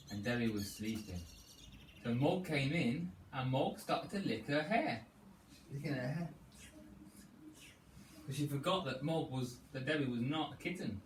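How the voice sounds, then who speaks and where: A man leading a children's storytelling yoga class, playful and animated, coaxing the children through each pose. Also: mid-range voice, slight background noise. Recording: echoey room, distant mic, faint ambience.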